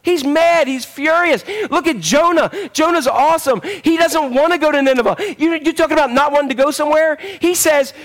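A man preaching with a high, lively voice. He is middle-aged and animated, and he calls out to the congregation as he goes. His delivery swings between loud passages and hushed ones. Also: a little fast, hardly any pauses. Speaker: pastor. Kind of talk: sermon.

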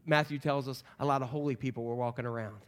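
A man preaching an Easter sermon in a church, swinging from loud calls to hushed lines. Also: mid-range voice, fairly even intonation, fast talker. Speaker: pastor. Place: church sanctuary, also streamed online.

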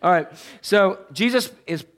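A man's voice: high-pitched, lively intonation, a little slow, a bit bright. A man preaching a sermon as a pastor, conversational and playful, often checking in with his listeners. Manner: playful, jokey asides.

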